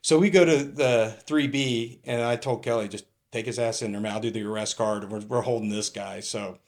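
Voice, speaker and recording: A man's voice: mid-range voice, steady tone, moderate pace, a little mellow. A middle-aged man with a Californian accent, a retired police captain telling a story in casual conversation, acting out the dialogue and laughing as he goes.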